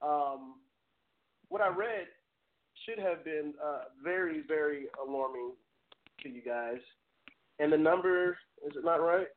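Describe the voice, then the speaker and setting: A man's voice: fairly high pitch, measured pace, long pauses, a little hiss or hum. A man hosting a live call-in talk show, speaking earnestly, stammering and laughing at himself. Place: home studio. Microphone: webcam streamed live. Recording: tinny phone-like audio.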